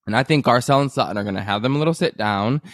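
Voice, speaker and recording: A man's voice: mid-range voice, very fast, no echo, studio quality. A man co-hosting a podcast, chatting in a casual, gossipy way. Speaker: podcast co-host. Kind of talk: casual chat.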